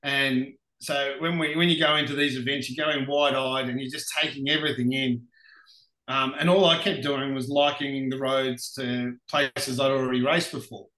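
Australian male guest, animated storyteller, bright tone, roomy sound. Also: medium pitch, moderate pace. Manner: animated anecdotes, laughs often. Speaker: podcast guest, racing driver. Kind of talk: casual storytelling interview. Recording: roomy echoey room.

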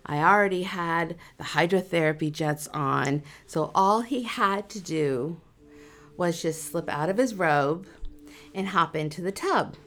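A middle-aged woman, a massage therapist, telling a personal story casually, animated and self-mocking, with nervous laughs. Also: on the low side, a little slow, faint music behind.

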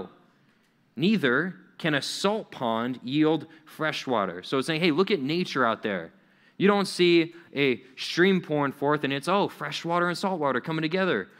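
A man's voice: medium pitch, fairly bright tone. A young adult man preaching a conversational sermon to young people, acting out little quoted voices as he goes.

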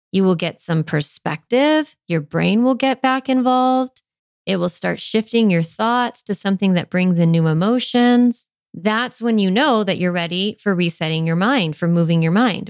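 A woman's voice: medium pitch, dry recording. Chatty woman podcast host, dry sound. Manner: warm, chatty, lots of "like" fillers. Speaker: parenting podcast host and coach. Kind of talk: podcast monologue.

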